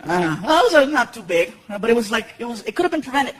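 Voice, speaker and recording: A man in his thirties doing stand-up comedy, telling stories in an animated way and acting out voices. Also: extremely high pitch, fast. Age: 30s. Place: live comedy venue with audience. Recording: noisy live show recording.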